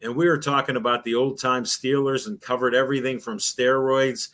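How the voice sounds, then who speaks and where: A man's voice: mid-range voice, little pitch movement, fairly quick, a bit bright. An older man, a former sports radio host, telling rambling anecdotes in an interview and acting out the voices of the people he quotes. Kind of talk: storytelling in a casual interview.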